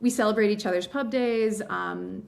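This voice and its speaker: Her voice mid-range and gravelly, a woman novelist from western Massachusetts shares a story during a chatty interview. She's emotional, slightly teary, and her speech is packed with fillers and quick bursts of laughter.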